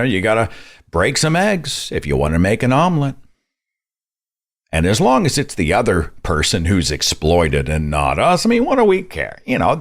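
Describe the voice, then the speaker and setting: Indignant man, sarcastic and lively. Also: lowish voice. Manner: sarcastic, indignant, mocks others' voices. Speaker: podcast host. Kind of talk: opinionated commentary.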